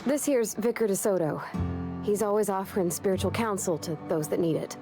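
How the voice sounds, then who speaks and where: A friendly townswoman, played by a woman, with a plain, matter-of-fact delivery and an everyday pitch. Game music plays clearly beneath her. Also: fairly quick, natural voice. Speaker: game character.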